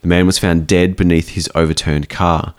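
Low-voiced guy reading a spooky tale on a podcast, laid-back and jokey. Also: normal speed. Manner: relaxed, jokey storyteller. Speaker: podcast host reading a ghost story. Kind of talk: casual podcast chat.

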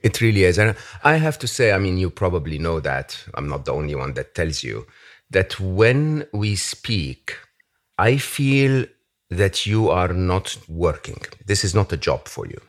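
A man with a very low, deep voice hosts a relaxed interview. He speaks thoughtfully, pausing to pick his words. He breaks into easy laughs along the way. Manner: reflective, pausing often, laughs easily. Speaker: podcast host. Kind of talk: casual interview chat.

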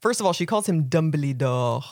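A woman's voice: low-pitched, lively intonation, normal speed, a little mellow, no room sound, studio quality. A woman co-hosting a podcast, chatting casually and enthusiastically about a book and laughing often. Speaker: podcast co-host.

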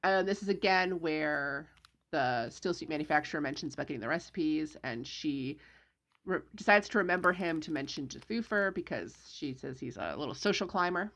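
A woman co-hosting a casual book discussion, retelling the story with lively quoted asides. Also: sits low, moderate pace. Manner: animated retelling with voiced quotes of characters. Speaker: podcast co-host recapping a novel.

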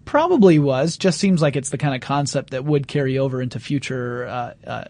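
A man's voice: mid-range voice, expressive, brisk, a little mellow. A man hosting a podcast in casual chat, steering the talk and laughing often. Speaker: podcast host.

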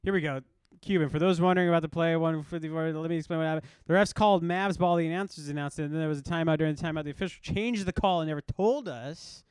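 A man's voice: a little high, quick pace, a little mellow, smooth, dry recording. A man co-hosting a podcast, chatting casually about basketball, rambling with frequent restarts and laughter. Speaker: podcast co-host. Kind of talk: casual sports chat.

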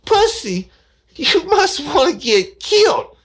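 A man doing a prim little old lady in falsetto. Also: sing-song, takes it slowly, fairly bright tone, exaggerated voice. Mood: shocked, angry. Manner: high quavering falsetto, shocked and scolding.

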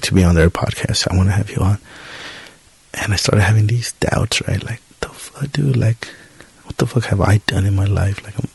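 A man's voice: low voice, vocal fry, a little mellow, breathy edge, dry recording. A young man hosting his own podcast, talking casually in a profane, rambling, self-deprecating way. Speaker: podcast host. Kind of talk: casual solo podcast monologue.

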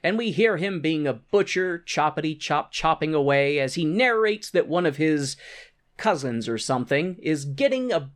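Animated, laughing male podcast co-host. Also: fairly high pitch, normal speed. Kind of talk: casual recap of a stage show.

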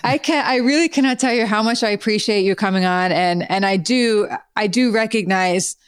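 Effusive host with a smooth voice. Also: mid-range voice, fairly quick, no room sound, clean studio sound. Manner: effusive, warm thanks, laughs often. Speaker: podcast host. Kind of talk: casual interview chat.

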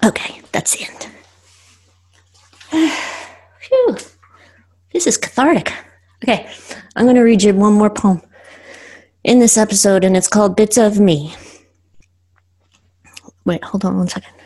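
A woman podcast host reading her own poems aloud in a slow, earnest way with pauses. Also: medium pitch, warm tone.

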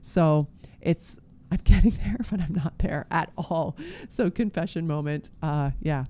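A woman co-hosting a relaxed faith chat, her voice smooth and clear and set a little low. She talks earnestly and gushes warmly about what she loves, often trailing off mid-thought. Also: measured pace. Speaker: podcast co-host.

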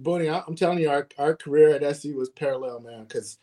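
A middle-aged man telling stories in casual podcast chat, relaxed and quick to laugh. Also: a little high. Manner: relaxed, chatty, laughs often, acts out quoted shouting. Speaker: podcast co-host, former ballplayer.

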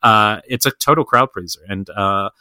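A man's voice: on the low side, normal speed, bright, forceful tone, no echo. A man co-hosting a podcast in casual film chat. He talks enthusiastically and rambles with lots of fillers and restarts. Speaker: podcast co-host.

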